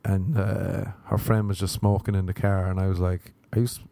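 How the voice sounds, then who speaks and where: A man's voice: deep voice, level tone, moderate pace, creaky, dark tone, no echo. A young man, a comedian, rambling through crude, self-mocking stories in a casual solo podcast monologue.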